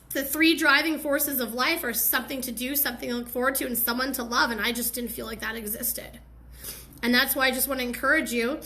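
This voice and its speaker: High bright-voiced woman, candid talk. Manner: candid, confessional, with slangy asides. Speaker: host of a live stream. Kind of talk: heartfelt motivational talk.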